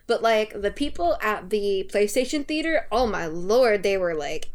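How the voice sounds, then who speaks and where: A woman's voice: mid-range voice, animated, unhurried. A woman with a New York accent, talking animatedly and laughing often in a casual podcast chat. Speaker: podcast co-host.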